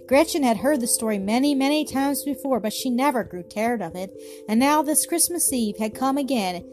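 A woman's voice: high voice, animated, normal speed, darkish tone. Woman narrating a children's story. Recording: music playing behind.

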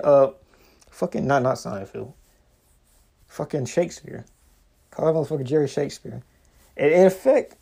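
A man in a casual, profane comedic rant who rambles, restarts his sentences and swings between loud animated bursts and mumbled asides. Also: fairly high pitch, breathy edge. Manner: rambling, swears constantly, trails off and restarts. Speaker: online content creator.

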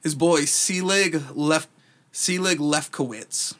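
A man's voice: a little high, takes it slowly, a bit bright. A man co-hosting a casual podcast chat, rambling, laughing often and swearing a lot. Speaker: podcast co-host.

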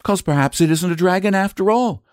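A man reading aloud as an eager little girl, pitched well up from his own voice and hurrying through her words. She pleads politely and breathlessly, rising higher as she asks. The sound is close and dry. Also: fairly quick, clean tone, dry recording, lightly acted.

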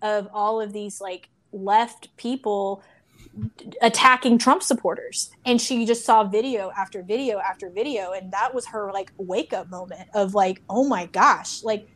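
A woman's voice: medium pitch, a little slow. A woman in casual conversation who talks in a chatty way and often fills her speech with "like" and "you know".

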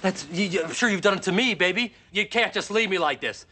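A man's voice: sits high, lively intonation, a little fast, sharp tone, heavily acted. An actor playing an angry middle-aged male Hollywood agent in a TV drama scene, defensive and wheedling. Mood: pleading. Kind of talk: TV drama acting.

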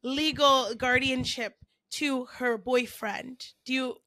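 A woman's voice: sits high, steady tone, takes it slowly, sharp tone. A woman co-hosting a podcast, talking with sassy, laughing quips. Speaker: podcast co-host. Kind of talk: casual chat.

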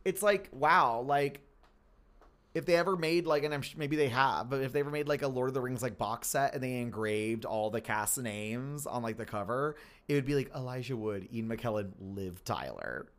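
A man's voice: medium pitch, normal speed, fairly bright tone. A man co-hosting a podcast in casual chat, talking in a chatty way full of filler words. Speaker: podcast co-host.

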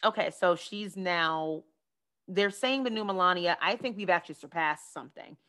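A woman in her twenties hosting a podcast, gushing and retelling scenes in an animated, chatty way. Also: on the low side, normal speed. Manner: gushing, animated retelling with lots of quoted asides. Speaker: podcast host. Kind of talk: casual pop-culture chat.

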